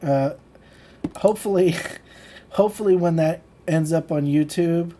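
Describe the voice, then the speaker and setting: Speaking a little slowly in a warm, mid-range voice, the manifestation channel host rants casually on a livestream. The talk is blunt, profane, loose and full of fillers, with laughter between his points.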